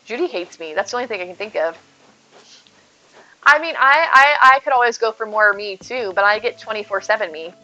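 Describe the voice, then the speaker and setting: A woman livestreaming from home, chatting with her viewers in an excitable, over-the-top way. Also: medium pitch, brisk, highs cut off. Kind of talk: casual live game stream chat.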